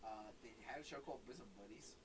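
A man's voice: mid-range voice, fast, rough recording. A man teasing and bantering while watching a movie with a friend. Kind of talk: casual movie-watching commentary.

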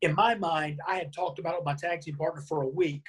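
A man being interviewed, telling a lively anecdote and acting out the lines of the people in it. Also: a little high, fast, husky. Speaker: interview guest. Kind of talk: storytelling in a conversation.

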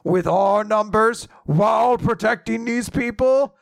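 A man's voice: high voice, takes it slowly, creaky, no room sound, studio quality, pitched above the performer's own voice, exaggerated voice. A man voicing a menacing male giant who speaks in grand threats.

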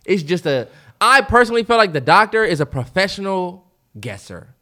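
A man's voice: high voice, sing-song, normal speed, bright, forceful tone. A man co-hosting a podcast in casual chat, blunt and emphatic, swearing freely. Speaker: podcast co-host.

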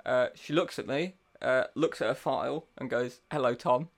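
A man's voice: medium pitch, moderate pace, gravelly. Wry man telling a comic story. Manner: wry, self-deprecating, drops into deadpan quoted voices. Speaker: podcast co-host. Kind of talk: casual comedic storytelling.

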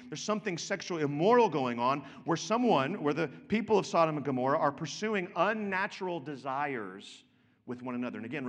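A man's voice: on the high side, fairly bright tone, long reverb tail. A man preaching a sermon, stressing and repeating key words and checking in with his listeners through direct questions. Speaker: pastor.

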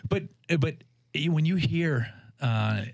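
A man's voice: a little high, animated, dry recording. A man in his fifties hosting a podcast, talking casually with frequent restarts. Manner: warm, halting, many restarts. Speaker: podcast host.

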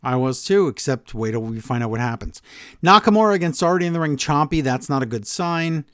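A man co-hosting a wrestling podcast, talking in a casual, exasperated, animated way with quick asides. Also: on the high side, no room sound, studio quality. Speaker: podcast co-host.

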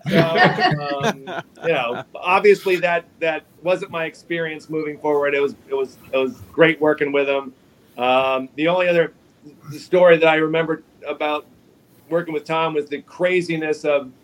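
A man telling casual anecdotes as a guest on a video call, rambling and halting with small chuckles. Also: fairly high pitch, slight background noise, low-quality recording. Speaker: guest comic artist.

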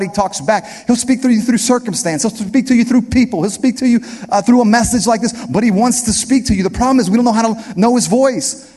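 With a high, somewhat dark voice, a male pastor gives an emphatic sermon straight to the congregation. He keeps coming back to key phrases, and a long hall reverb trails his words.

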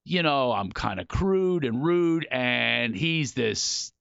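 Philly guy telling funny stories, pitch all over the place, kinda dull dry audio. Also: takes it slowly, creaky, clear, resonant tone, dry recording. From Philadelphia. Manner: animated, self-mocking storyteller. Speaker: comedian guest. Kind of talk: comic storytelling in casual chat.

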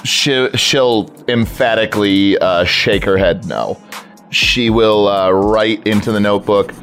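A man's voice: fairly low pitch, steady tone, measured pace, fairly bright tone, faint music behind. A man playing a tabletop game, casually narrating what his silent character does in third person. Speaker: player. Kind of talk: narrating a mute character's actions.

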